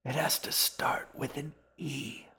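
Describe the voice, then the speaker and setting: A man's voice: on the high side, little pitch movement, slow, creaky, sharp tone, slightly rough, voice pushed up, heavily acted. A man voicing an old woman who sits at a diner counter and speaks only in a whisper.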